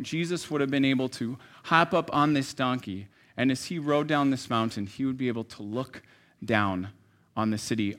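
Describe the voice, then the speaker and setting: A man preaching a sermon in a conversational, storytelling way, dropping to soft asides and rising to emphatic lines. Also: mid-range voice. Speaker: pastor.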